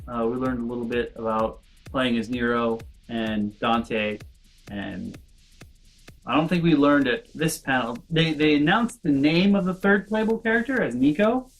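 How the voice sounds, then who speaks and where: A man vlogging in a loose, chatty storyteller's voice at an average pitch. He rambles through his anecdotes with lots of asides, and soft background music plays underneath. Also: unhurried. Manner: animated, acts out quoted voices, rambling asides. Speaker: convention vlogger. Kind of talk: casual storytelling vlog.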